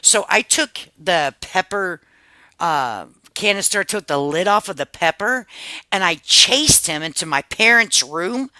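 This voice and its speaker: A woman's voice: fairly low pitch, animated, unhurried, bright, forceful tone, dry recording, poor audio. A woman in her fifties chatting casually on a livestream, telling family stories with a lot of cursing and laughter. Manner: profane, laughing storyteller. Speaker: livestream host.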